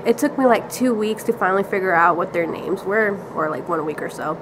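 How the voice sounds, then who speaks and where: A woman's voice: mid-range voice, brisk, background noise. A teenage girl casually telling a rambling story with lots of "like" and giggles. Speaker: vlogger.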